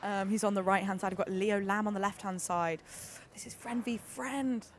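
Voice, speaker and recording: A woman doing live sports commentary, excitable and gushing, with lots of fillers and restarts. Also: mid-range voice, normal speed. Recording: busy venue noise behind.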